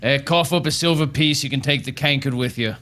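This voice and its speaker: A man voicing a big, crude male innkeeper in a tabletop game, gruff and swearing but grudgingly friendly. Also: medium pitch, fast talker, fairly bright tone, natural voice. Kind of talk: tabletop role-play in character.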